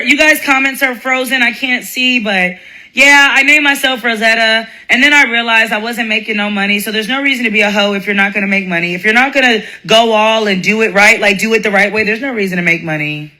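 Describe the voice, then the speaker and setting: A woman hosting a live stream, telling a profane story in a blunt, animated way and laughing often. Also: medium pitch, quick pace.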